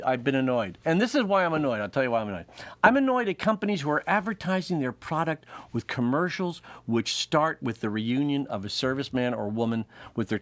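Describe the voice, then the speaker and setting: A man's voice: medium pitch, no echo. A man hosting a comedy show, delivering a rambling monologue and laughing at his own jokes. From United States. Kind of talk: comic monologue.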